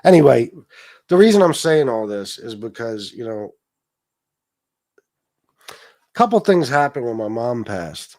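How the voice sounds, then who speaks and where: A man's voice: medium pitch, very animated, measured pace, long pauses, a little mellow. A man hosting his own talk show, speaking casually and emotionally, rambling with restarts, asides and the odd swear word. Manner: profane. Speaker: political talk show host. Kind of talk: casual live-stream talk.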